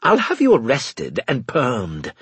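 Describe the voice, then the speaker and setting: A man's voice: medium pitch, wildly swooping pitch, measured pace, creaky, breathy edge, no echo, voice pushed up, heavily acted. A man voicing a snide, scheming male senior officer in an audiobook, sneering and clipped. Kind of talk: audiobook character voice.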